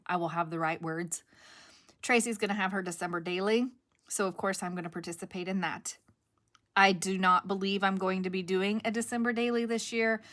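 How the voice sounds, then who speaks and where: A woman's voice: fairly low pitch, pushed and bright. A middle-aged woman hosting a craft channel, chatting casually to camera in a rambling, self-correcting way with a cough drop in her mouth.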